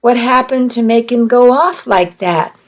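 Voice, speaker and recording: A woman's voice: on the high side, unhurried. A woman reading the lines of a worried husband in a story, earnest and anxious. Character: worried husband and father, shaken.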